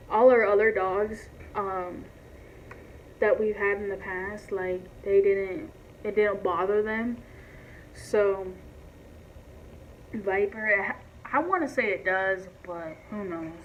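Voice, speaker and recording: A woman vlogging in a casual, rambling way, speaking loudly and filling her talk with "like" and restarts. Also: medium pitch. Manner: talks loud. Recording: dull lo-fi sound with faint hiss.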